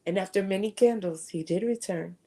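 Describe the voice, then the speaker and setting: A woman's voice: medium pitch, fairly quick, warm tone. A woman giving a conversational faith talk at a retreat, sharing earnest personal testimony. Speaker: retreat speaker.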